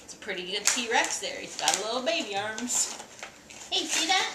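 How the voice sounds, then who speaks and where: High, sing-song mother coaxing a baby. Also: sing-song, normal speed. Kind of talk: home video baby talk. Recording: roomy, distant camera mic with background noise.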